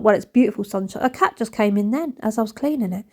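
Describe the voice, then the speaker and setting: Talking fast with barely a pause, a woman in her thirties with a fairly high voice gives a casual, chatty voice-over while cleaning her home. As a cleaning vlogger she rambles, speaks frankly and mocks herself.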